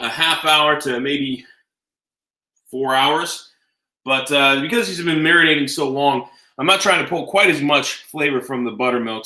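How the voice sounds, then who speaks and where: Casting: male home-cook host, bright forward voice, chatty and folksy, echoey kitchen sound. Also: on the high side. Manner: chatty, folksy, talks to viewers directly. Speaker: home cooking show host. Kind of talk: casual live cooking demonstration.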